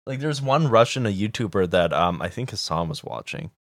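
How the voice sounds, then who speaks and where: A man's voice: fairly low pitch, big pitch swings, fairly quick, dry recording, clean studio sound. A young man from Canada, co-hosting a podcast in casual chat, ranting profanely and with energy. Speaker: podcast co-host.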